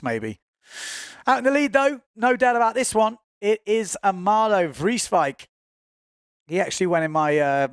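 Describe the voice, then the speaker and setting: A man's voice: fairly high pitch, no echo, studio quality. A man giving chatty, informal live commentary on a windsurfing race, often correcting himself as he goes.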